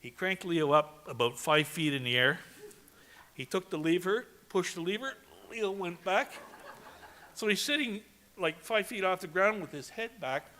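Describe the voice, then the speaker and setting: A man's voice: high-pitched, animated, a little slow, bright, forceful tone. A man from Canada giving a eulogy for his brother, telling chatty anecdotes and laughing along. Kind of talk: storytelling eulogy.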